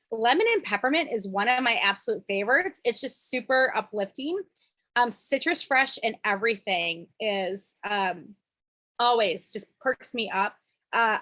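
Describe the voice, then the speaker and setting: A woman on a podcast talks in a casual, enthusiastic way and often slips in fillers between her tips. Her voice sits a little higher than most women's. She sounds relaxed and conversational.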